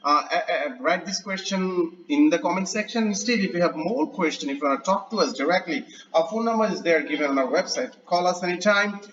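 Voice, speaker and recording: A man's voice: sits high, a bit bright. A man who is an English lecturer gives an online grammar lesson in a chatty way. He often checks in with "right?" and stretches out his fillers. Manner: drawn-out, hesitant fillers. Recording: distant, dull lo-fi mic.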